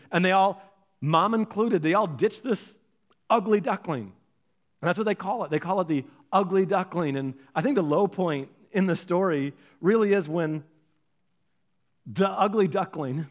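Man, pastor, sermon, high voice, playful storytelling. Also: dull audio. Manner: lively storytelling, playful asides to the congregation.

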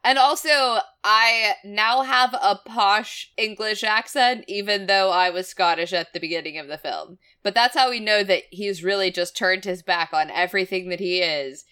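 Wry woman with a bright, clear voice. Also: medium pitch, moderate pace, few pauses. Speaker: podcast co-host. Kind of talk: casual chat, film discussion.

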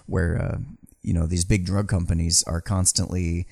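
A man's voice: deep voice, little pitch movement, moderate pace, creaky, darkish tone, dry recording, studio quality. A man co-hosting a podcast from a small building, rambling casually with restarts and swearing. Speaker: podcast co-host. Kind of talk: casual chat.

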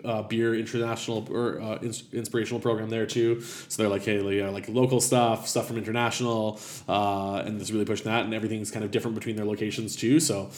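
A man's voice: fairly low pitch, little pitch movement, fast, darkish tone, echoey room. A man, a chef talking casually about his restaurants in an interview, rambling with many fillers.

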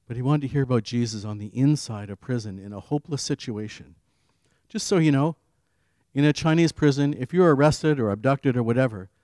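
A man giving an earnest devotional sermon, telling his own story and swinging between firm emphasis and quiet asides. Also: medium pitch, dry recording. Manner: earnest, rising on key phrases and dropping to quiet asides. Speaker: preacher. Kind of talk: devotional sermon with personal testimony.

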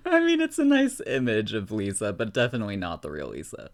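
An easygoing podcast co-host chats casually about an episode. They restart their sentences, chuckle and agree readily, at a middle pitch. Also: huge pitch swings, fast talker. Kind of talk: casual recap chat.

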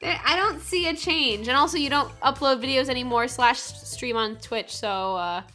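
A woman's voice: high voice, normal speed, bright, forceful tone, faint music behind. A woman hosting a casual podcast over a remote call, chatty and self-mocking, laughing often. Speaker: podcast host. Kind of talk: casual chat.

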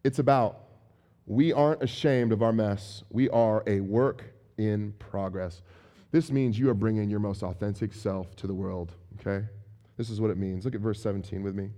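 A man preaching a conversational sermon, animated and acting out everyday examples. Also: fairly low pitch, normal speed. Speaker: pastor.

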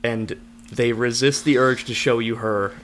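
A man's voice: mid-range voice, steady tone, a little slow. A man with an ordinary mid-range voice shares strong opinions about a film in an emphatic, enthusiastic way. A faint hum sits under the recording. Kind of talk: casual film discussion.

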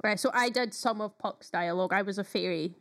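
A woman's voice: mid-range voice, fairly quick. A woman co-hosting a podcast in casual chat, talking with enthusiasm and lots of fillers. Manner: chatty, enthusiastic, frequent fillers. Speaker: podcast co-host.

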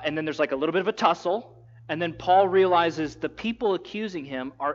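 A man preaching with a slightly raised pitch, telling the story in an animated, conversational way. He slips into casual voices for the quotes. The sound is dull and lo-fi. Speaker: pastor. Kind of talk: sermon.

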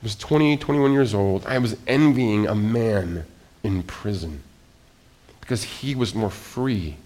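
A middle-aged man preaching a sermon as pastor, swinging between quiet, almost whispered asides and loud, excited exclamations, often restarting his phrases. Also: lowish voice, unhurried.

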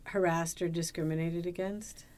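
Woman, interviewer, lowish voice, short murmured replies. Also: fairly even intonation, normal speed, a little mellow. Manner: brief back-channel murmurs and short questions. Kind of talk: casual interview conversation.

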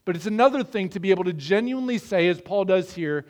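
A middle-aged Midwestern man delivers a sermon with a slightly higher pitch than most men. He talks in an earnest, conversational way and keeps putting rhetorical questions to his congregation. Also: expressive, fast, a little mellow. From American Midwest. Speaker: pastor.

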